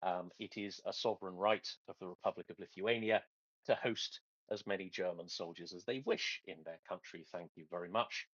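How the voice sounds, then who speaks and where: A man hosting a casual online chat, joking with dry sarcasm and halting restarts, heard over a dull lo-fi call. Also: low voice, fairly even intonation, fairly bright tone, breathy edge, no echo. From England. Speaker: podcast host.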